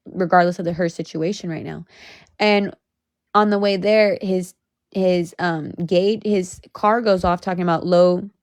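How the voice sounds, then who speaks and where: A woman's voice: on the low side, darkish tone, no room sound, studio quality. A young woman telling a storytime on her vlog, blunt and profane, talking in a heated rant. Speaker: vlogger.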